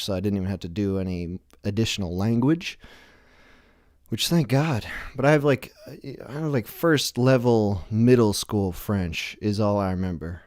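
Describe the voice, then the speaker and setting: A man's voice: mid-range voice, a little mellow, dry recording, clean studio sound. A man hosting a live stream, rambling through a self-deprecating comedic monologue full of restarts. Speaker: livestream show host.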